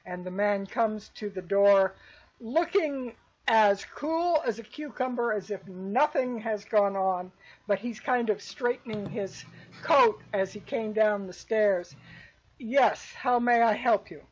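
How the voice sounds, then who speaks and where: A woman narrating a tabletop game as game master, describing scenes slowly with many fillers. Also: mid-range voice, slightly rough. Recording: dull lo-fi recording.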